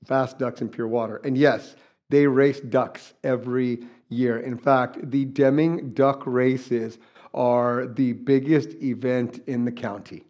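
A man's voice: mid-range voice, fairly even intonation, slow pace, a little mellow, dull audio. A middle-aged man from southern New Mexico preaching a conversational sermon, folksy and joking, with frequent restarts. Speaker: pastor.

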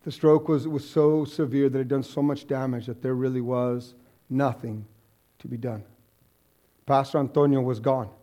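A man's voice: medium pitch, dark tone. A man preaching a sermon as pastor, in an earnest, heartfelt way.

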